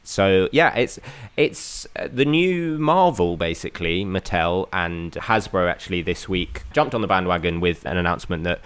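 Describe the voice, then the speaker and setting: A man's voice: sits low, animated, normal speed, few pauses, fairly bright tone, smooth. A man speaking as a panelist on a news discussion podcast, upbeat and chatty.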